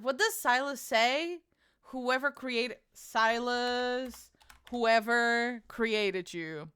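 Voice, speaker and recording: A woman's voice: a little high, drawn-out words, fairly bright tone, smooth. A young woman streaming from her home, chatting casually and playfully with her chat and swearing freely.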